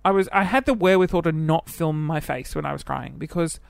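On his casual solo podcast, an Australian man in his twenties talks fairly quickly in a slightly high, creaky but clean voice, captured dry. He's chatty, pokes fun at himself, and skips between topics.

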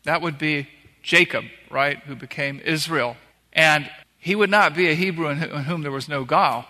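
In a reverberant large hall, a bright, fairly high-voiced male pastor delivers a sermon. His preaching is conversational, moving verse by verse through scripture with punchy, emphatic repetitions.

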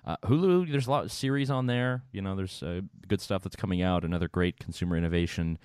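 A man's voice: low-pitched, quick pace, darkish tone, clear, resonant tone, dry recording, studio quality. A man hosting a radio show, chatting in a casual, loose way and laughing often. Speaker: radio host.

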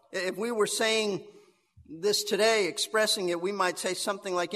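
High-voiced preacher in a reverberant hall. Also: male voice, steady tone, fairly bright tone. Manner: measured teaching, repeats words for emphasis. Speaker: pastor. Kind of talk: verse-by-verse sermon.

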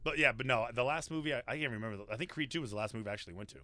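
A man from Los Angeles, a radio host in casual chat, telling stories in a lively, profane way at a studio microphone. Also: mid-range voice, racing, dry recording. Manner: animated, profane storytelling.

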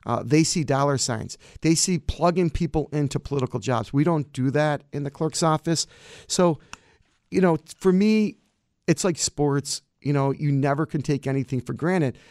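A man's voice: on the high side, normal speed, a little mellow, no echo, studio quality. A man, a county clerk answering campaign interview questions in an emphatic, combative way.

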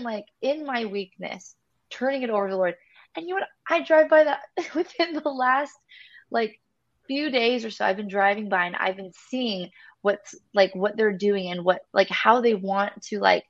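A woman co-hosting a candid faith chat, talking in an emotional, halting way with many restarts. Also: on the high side, fairly bright tone. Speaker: podcast co-host. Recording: dull lo-fi sound.

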